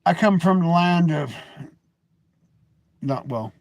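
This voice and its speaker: A man's voice: a little high, lively intonation, slow, vocal fry, dry recording. An American man in his forties, talking to camera in a rambling, jokey and blunt monologue as a vlogger. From United States. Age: 40s. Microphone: webcam or phone camera, seated.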